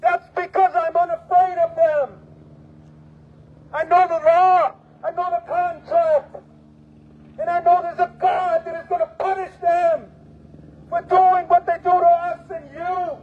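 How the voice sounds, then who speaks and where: A man's voice: extremely high pitch, little pitch movement, a little slow, a little hiss or hum. Fiery man ranting on tinny phone audio. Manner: fiery and preaching, repeats phrases, often shouts. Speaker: union steward. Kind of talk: impassioned protest speech.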